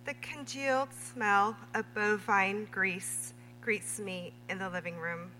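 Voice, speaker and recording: A woman reading her own memoir prose aloud at a literary reading, measured and deliberate. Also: medium pitch, steady tone, pushed and bright. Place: reading event in a hall. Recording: reverberant hall with faint hum.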